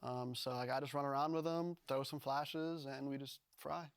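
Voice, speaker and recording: Casual young pro gamer, halting. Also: male voice, mid-range voice, fairly even intonation, smooth, no echo. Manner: casual, filler-heavy, halting. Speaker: pro esports player. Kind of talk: post-match interview answers.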